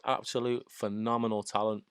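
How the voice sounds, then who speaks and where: A man co-hosting a casual livestream, bantering, swearing and breaking into loud laughs. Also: lowish voice, little pitch movement, brisk, clean tone. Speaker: co-host.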